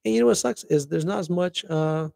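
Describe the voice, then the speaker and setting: Gravelly, rambling male show host. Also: on the high side, fairly quick, no room sound. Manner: excitable, rambling, laughing asides. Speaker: podcast host. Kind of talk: casual solo show chat.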